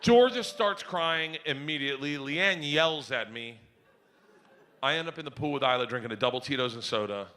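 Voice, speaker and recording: A middle-aged man performing a stand-up comedy set on stage, telling rowdy stories loudly with big swings. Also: mid-range voice, normal speed, a little hiss or hum. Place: comedy stage before a live audience.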